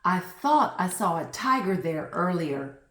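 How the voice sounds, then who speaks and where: A woman's voice: fairly low pitch, sing-song, unhurried, recorded from a distance. A woman voicing a playful, teasing old grandmother in a storybook read-aloud. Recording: roomy echo.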